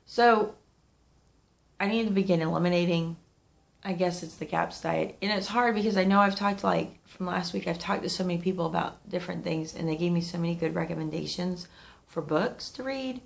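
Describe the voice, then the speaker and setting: A woman's voice: fairly low pitch, fairly quick, vocal fry. A woman in her thirties, sniffling and under the weather, chatting candidly to camera in a rambling vlog. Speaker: vlogger. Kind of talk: casual talk to camera.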